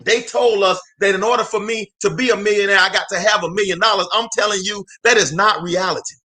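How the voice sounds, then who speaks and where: A man's voice: high-pitched, fairly even intonation, fast, pushed and bright. A man from Alabama giving a preacher-style motivational talk, emphatic and repetitive, calling out to listeners by name. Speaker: motivational host.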